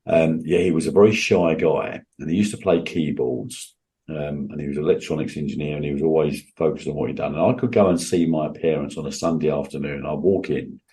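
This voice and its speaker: A man's voice: a bass voice, mellow. A man, a guest on an interview show, telling personal stories in an earnest, emphatic way with frequent restarts. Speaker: guest entrepreneur.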